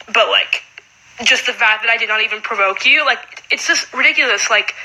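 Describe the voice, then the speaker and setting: A teenage girl rants in a casual vlog, her voice high and piercingly bright. She fills every pause with "like" and sounds fed up. Her talk is quick and loose. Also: poor audio. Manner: fast, frustrated talk full of "like". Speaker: high school student.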